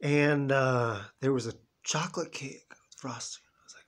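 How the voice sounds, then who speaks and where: In a rambling, heartfelt vlog, a man in his fifties shares an emotional personal story, sometimes talking to himself in quoted voices. His voice sits at medium pitch with fairly even intonation, and he moves at a moderate pace with few pauses.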